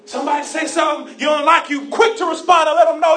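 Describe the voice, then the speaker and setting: A man preaching a sermon with grammar, repeating "amen" often and swinging from quiet storytelling to loud shouts. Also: extremely high pitch, big pitch swings, quick pace, few pauses, far from the mic. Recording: echoey room.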